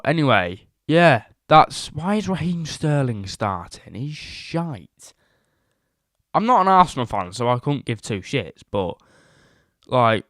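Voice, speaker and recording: A young man hosting a live football stream, chatting casually and excitedly, rambling and swearing freely. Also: mid-range voice, no room sound, studio quality. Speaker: livestream host.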